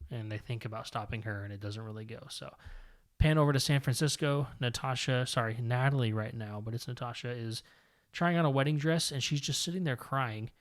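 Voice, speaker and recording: A man co-hosting a comic book podcast, recapping the story in a casual, rambling way with many fillers and self-corrections. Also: medium pitch. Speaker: podcast co-host.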